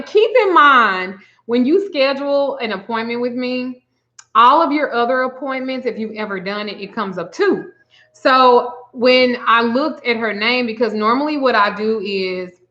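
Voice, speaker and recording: A woman spiritual reader telling a story in a casual livestream, acting out both sides of a phone call. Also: mid-range voice. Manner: chatty, animated retelling, acts out both sides of a call. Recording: slightly dull lo-fi audio.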